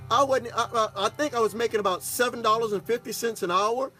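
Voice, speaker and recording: A man's voice: extremely high pitch, fairly quick, sharp tone, soft background music. A man, a pastor, telling a personal story in a folksy, casual way, often checking in with "okay?". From Texas. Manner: folksy, repeats "okay?" to the audience. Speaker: pastor and broadcast host.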